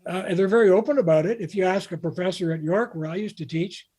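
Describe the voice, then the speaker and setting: A man's voice: high-pitched, fast talker, mellow, slightly rough. An older man from Canada, a guest author in an interview, telling long anecdotes in a rambling way with restarts. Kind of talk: casual interview talk.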